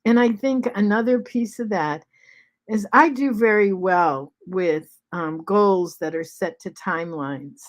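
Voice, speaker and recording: Slow-talking woman in her seventies. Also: medium pitch. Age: 70s. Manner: halting, with many ums and restarts. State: short of breath after covid. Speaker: vlog host. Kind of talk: casual spoken reflection. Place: at home.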